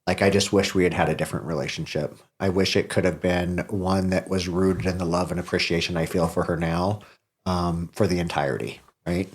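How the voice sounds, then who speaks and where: A man's voice: deep voice, fairly even intonation, fairly quick. A middle-aged man, a podcast host, talking in a casual, heartfelt conversation, candid and self-deprecating and swearing freely.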